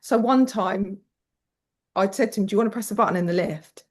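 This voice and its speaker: A woman's voice: medium pitch, fairly quick. A British woman guest telling parenting stories frankly, swearing casually and acting out quoted voices. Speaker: podcast guest. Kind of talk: candid conversational storytelling.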